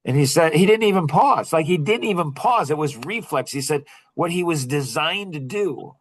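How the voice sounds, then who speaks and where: Rambling man in his sixties, slightly high voice. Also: expressive. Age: 60s. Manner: rambling, self-interrupting, with quick laughs. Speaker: podcast guest. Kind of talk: casual storytelling.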